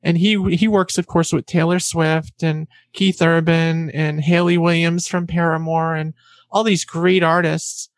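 A woman guest in a casual interview, telling quick anecdotes with a trained, deliberately raised voice and acting out what others said. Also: sits low, little pitch movement, dry recording, clean studio sound. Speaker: interview guest, former announcer and vocal coach.

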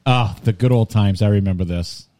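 A man's voice: lowish voice, moderate pace, mellow. A man in his thirties hosting a podcast, chatting casually and teasing his co-hosts. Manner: teasing, joking. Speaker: podcast host. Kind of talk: casual chat.

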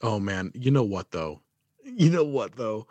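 A man co-hosting a podcast, chatting casually about wrestling, excitable, teasing and full of swearing. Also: on the low side, measured pace, no echo. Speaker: podcast co-host.

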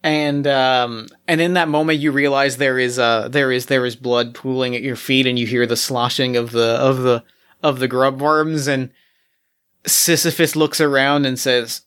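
A man's voice: medium pitch, steady tone, a bit bright, clean tone. A man narrating as game master of a tabletop role-playing game, often restarting his sentences. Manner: halting, with many restarts.

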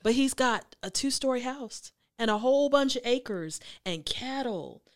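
A woman hosting a motivational talk, telling a story in a chatty, emphatic, animated way. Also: fairly high pitch, a little slow. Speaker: host.

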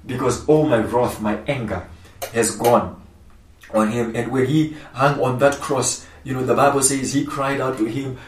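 A man's voice: medium pitch, a little slow. A male pastor preaching a sermon, emphatic and repetitive, with rising outbursts. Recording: echoey room, voice from far off the mic.

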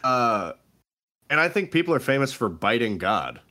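A man's voice: medium pitch, sing-song, normal speed, pushed and bright. A man co-hosting a casual chat, telling stories with lots of laughs and quoting people in put-on voices. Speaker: podcast co-host.

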